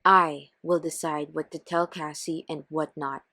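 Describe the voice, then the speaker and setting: Stern betrayed husband, low and breathy, slow and firm, voiced by a woman. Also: steady tone, sharp tone, no echo, heavily acted. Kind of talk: scripted text-story narration.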